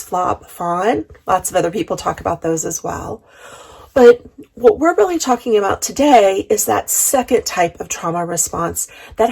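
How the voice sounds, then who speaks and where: A woman chaplain and reverend giving a reflective talk on grief, speaking in a measured, earnest way with emphatic repetition. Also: mid-range voice, vocal fry, darkish tone, breathy edge, rough recording.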